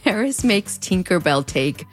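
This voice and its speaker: A woman in her thirties with a Mexican border accent, her voice sitting fairly low. She narrates a scripted commentary in a wry, conversational way, full of playful asides. Quiet music plays faintly behind her. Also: big pitch swings, unhurried. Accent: Mexican border English. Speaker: video essay host.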